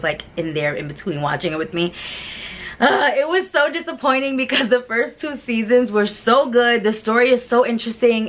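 A chatty woman talks through her favorite shows in a loose, rambling way. She restarts sentences and leans on fillers as she goes. Her voice sits at an ordinary middle pitch for a woman. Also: a bit bright. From New York. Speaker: beauty vlogger. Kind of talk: casual chat reviewing shows.

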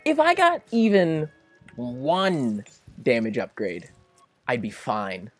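A young man giving casual, excitable let's-play commentary, melodramatic and quick to plead or laugh. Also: mid-range voice, soft background music. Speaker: gaming commentator.

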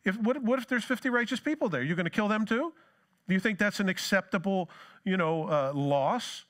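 A pastor playing an indignant old patriarch. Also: male voice, high voice, expressive, fairly quick, fairly bright tone, pitched above the performer's own voice. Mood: incredulous. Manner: incredulous, pleading. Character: indignant elderly patriarch pleading with God.

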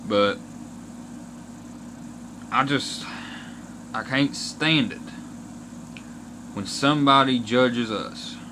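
A man's voice: mid-range voice, noisy background. A young man from Kentucky with an Appalachian accent, ranting bluntly to camera and swearing often. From Kentucky, USA. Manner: aggrieved, blunt, swears often, slow and deliberate. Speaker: vlogger.

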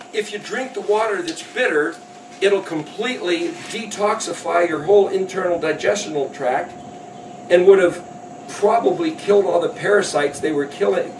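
Animated man preaching in an echoey hall. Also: fairly high pitch, noisy background. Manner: animated storytelling, voices the characters with rising emphasis. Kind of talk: sermon with acted-out voices. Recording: echoey hall, speaker far from mic.

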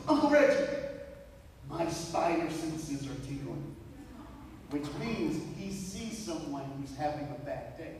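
A man's voice: a little high, darkish tone, slight background noise. A man giving a motivational talk to students in a large school gym, telling stories with animation and talking straight to the kids. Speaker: motivational speaker. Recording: echoey gym heard from far off.

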